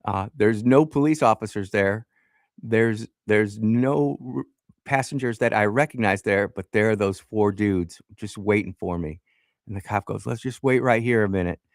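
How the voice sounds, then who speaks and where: A man's voice: lowish voice, a little slow, dry recording, studio quality. A man telling a rambling personal story on a radio show, often restarting mid-sentence and chuckling. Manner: rambling, self-interrupting, chuckles. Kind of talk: casual storytelling. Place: radio studio.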